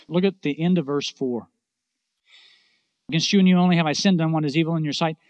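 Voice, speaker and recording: A man preaching a sermon in an earnest voice, rising to loud emphasis and dropping to hushed, low endings. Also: dry recording. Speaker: pastor.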